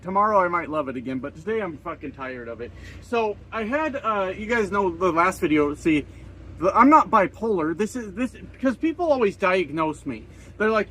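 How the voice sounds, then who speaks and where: A man's voice: high voice, animated, normal speed, pushed and bright, a little hiss or hum, poor audio. Profane, grumbling man in his forties. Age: 40s. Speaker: trucker vlogger. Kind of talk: casual vlog rant. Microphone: camera set up in front of him.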